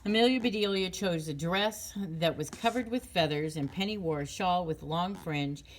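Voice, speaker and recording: Low-voiced woman reading a children's book. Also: moderate pace, a little hiss or hum. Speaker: narrator. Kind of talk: children's audiobook narration.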